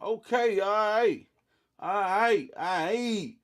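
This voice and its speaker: With a high, fairly bright voice and an unhurried delivery, a young eastern North Carolina man runs a casual livestream. He calls out viewers by name in a sleepy, laid-back way, frequently tacking on "you know what I'm saying."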